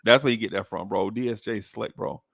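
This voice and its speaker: Animated storytelling man, dry studio sound. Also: fast, creaky, no echo. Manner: animated, jumps into high voices for quoted characters. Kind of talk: casual storytelling.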